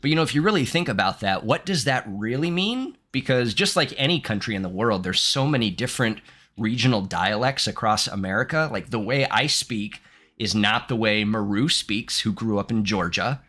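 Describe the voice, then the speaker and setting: Bright-voiced young man chatting on stream. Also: fairly low pitch, expressive, normal speed. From Southern Ohio. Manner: chatty, reflective, reads game text aloud. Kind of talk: casual gameplay chat reading chat aloud.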